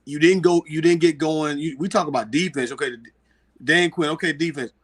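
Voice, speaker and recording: A man on a sports talk panel over a video call, breaking down the game in a measured, analytical way. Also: fairly high pitch, husky.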